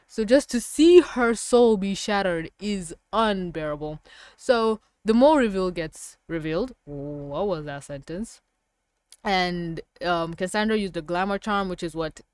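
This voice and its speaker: A woman giving a casual review of a TV episode, rambling and excitable, with emphatic outbursts. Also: medium pitch, smooth, no echo, studio quality.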